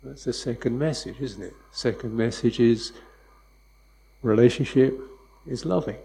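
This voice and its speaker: A man giving a dharma talk as a meditation teacher, speaking softly and unhurriedly, with reflective repetitions. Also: mid-range voice, unhurried, creaky, rough recording.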